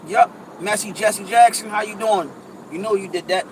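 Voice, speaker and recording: A man's voice: high voice, fairly even intonation, moderate pace, noisy background. A man talking casually on a podcast, emphatic and repetitive, telling stories with restarts and stutters. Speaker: podcast co-host. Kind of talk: casual conversational commentary.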